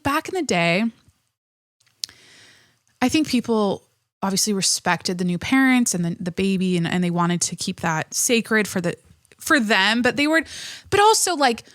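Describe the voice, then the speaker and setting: A woman's voice: mid-range voice, animated, normal speed, a bit bright, dry recording, clean studio sound. A pregnant woman in her thirties hosting a podcast, chatting casually in a rambling, profane way with lots of restarts, a little out of breath. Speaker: podcast host. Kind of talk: casual chat.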